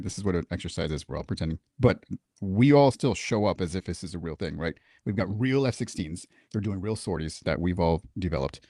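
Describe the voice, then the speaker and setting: A man with a somewhat low voice tells a story from his service as a guest on a talk show. He swears freely and acts out the people in it. The sound is dry and close. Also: dry recording. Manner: profane, animated, acts out quoted dialogue. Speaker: guest, military veteran. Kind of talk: casual storytelling in a podcast interview.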